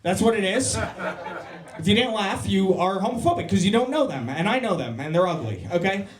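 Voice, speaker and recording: A man's voice: high-pitched, lively intonation. A man doing a crude, brash stand-up set with crowd work on a club stage. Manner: brash, crude, quick jokes. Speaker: stand-up comedian. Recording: roomy club sound.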